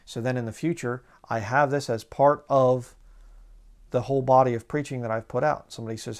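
A man preaching a sermon in a conversational way, slowing down to read scripture aloud. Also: mid-range voice, fairly even intonation, darkish tone.

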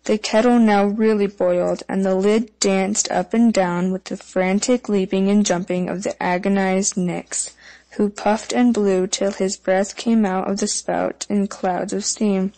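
A woman narrating a fairy tale audiobook in an even, measured storytelling manner. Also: mid-range voice, low-quality recording.

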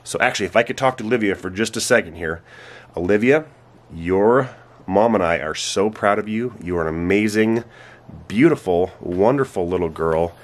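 A man's voice: on the low side, normal speed. A man in his thirties, a father talking to the camera in a casual family vlog, earnest, repeating words as he gets emotional. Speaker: vlogger, father. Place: home in Alaska.

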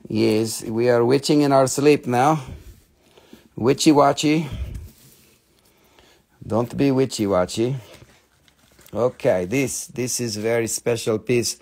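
A man's voice: medium pitch, unhurried, vocal fry, darkish tone. A man hosting a live stream that sells crystals and minerals, with rambling, joking, playfully crude sales patter. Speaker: host selling crystals and minerals.

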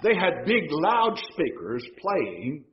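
Man preaching with lively swings in pitch. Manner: preaching with rising and falling emphasis, halting restarts. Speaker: pastor. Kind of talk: sermon. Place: church sanctuary. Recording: dull lo-fi church recording.

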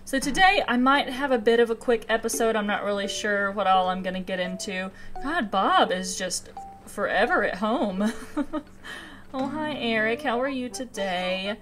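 A young woman in her twenties talking through a cozy video game, excitable and quick to giggle. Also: on the high side. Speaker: gaming channel host. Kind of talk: let's play commentary.

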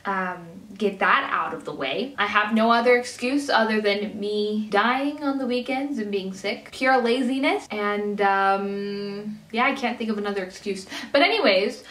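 Young woman, casual beauty vlogger, slight lisp, recovering from a cold, self-deprecating. Recorded in an echoey room, off-mic. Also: a little slow. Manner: chatty, self-mocking, bursts into high baby talk. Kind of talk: casual get-ready-with-me chat. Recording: roomy, mic a little distant, soft music.

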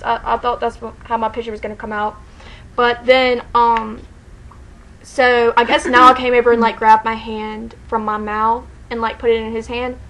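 A woman telling a story to the camera in a casual vlog, excited and rambling, saying "like" constantly and laughing often. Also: a little high, rough recording. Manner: excited, rambling, heavy use of "like", frequent laughter.

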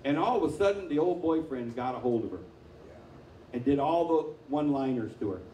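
Echoey, mellow-voiced male pastor preaching. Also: fairly high pitch, animated, brisk, muffled recording, a little hiss or hum. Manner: conversational storytelling, acting out quotes. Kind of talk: sermon. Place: church sanctuary. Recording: echoey room, mic from far off.

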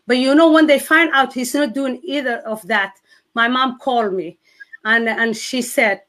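A woman with a Somali accent earnestly telling her faith testimony, halting and restarting often. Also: high-pitched, fairly even intonation, a bit bright. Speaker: guest sharing testimony. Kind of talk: emotional personal testimony.

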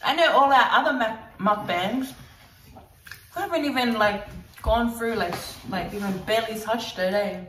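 A woman with an Australian accent hosting a casual vlog, chatting with lots of ums and likes and quick giggles. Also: fairly high pitch, a bit bright. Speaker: vlogger host. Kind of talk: casual chat. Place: at home with kids. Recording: roomy, distant mic, faint noise.

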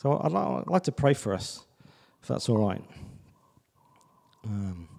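A man's voice: mid-range voice, big pitch swings, unhurried, gravelly, a little mellow, big-room sound. A man preaching a sermon in a church, in a chatty, conversational way, often asking "do you know what I mean". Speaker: visiting preacher.

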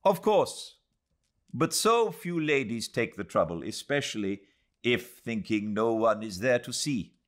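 A man voicing a proud, excitable young Indian Muslim man who talks urgently and formally. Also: medium pitch, measured pace, voice pushed up, lightly acted. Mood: courteous.

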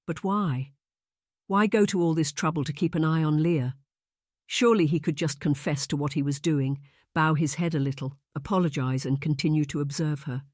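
A man reading a historical romance audiobook aloud in a calm, even storytelling manner. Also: a little high, moderate pace, dry recording, clean studio sound. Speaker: audiobook narrator. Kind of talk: audiobook narration.

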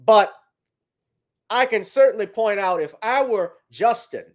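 High-voiced man ranting bluntly. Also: expressive, unhurried. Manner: blunt, profane, emphatic. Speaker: commentary host. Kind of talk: ranting commentary.

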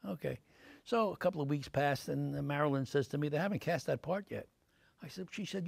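An older man, an actor answering interview questions with lively anecdotes full of fillers, in a TV studio. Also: a little high, fast, gravelly, dry recording. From Brooklyn, New York. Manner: animated anecdotes, many fillers, acts out quoted voices.

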